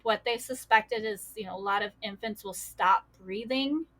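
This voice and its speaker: A woman's voice: a little high, moderate pace, a bit bright. A woman guest recounting a painful personal loss in a casual, filler-heavy way. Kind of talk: personal storytelling.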